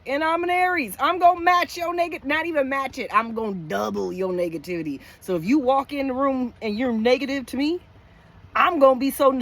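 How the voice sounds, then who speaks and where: A middle-aged woman venting frankly in a casual, rambling chat to camera, lying down inside her parked truck. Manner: rambling, frank, with frequent restarts and swings in pitch. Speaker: vlogger living in her truck.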